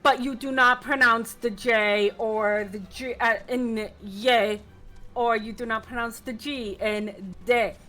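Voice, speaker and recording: A woman's voice: fairly high pitch, steady tone, slow, sharp tone, soft background music, poor audio. An older woman chatting casually while gaming with her son, chatty and teasing. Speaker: guest player.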